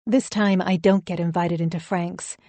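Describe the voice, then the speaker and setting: A woman narrating a first-person thriller audiobook in an even, wry storytelling manner. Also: lowish voice, moderate pace, no room sound.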